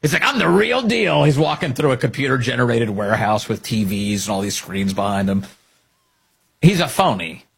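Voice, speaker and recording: A man's voice: lowish voice, expressive, a little fast, husky. A middle-aged man hosting opinionated political commentary, sarcastic and mocking, laughing often.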